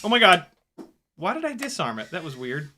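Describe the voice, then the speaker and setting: A young man giving casual running commentary while flying a drone, excitable, often exclaiming and laughing, swearing casually. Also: high-pitched, brisk, a little hiss or hum. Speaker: FPV drone pilot and video host.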